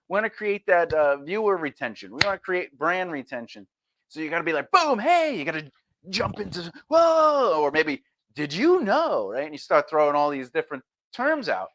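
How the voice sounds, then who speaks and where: A man with a fairly high, very bright, forceful voice teaches branding to creators in a lively lecture. He talks with plenty of energy and keeps slipping into quick acted-out voices and punchy phrases. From Sicilian family. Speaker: marketing coach. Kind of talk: lecture-style marketing advice.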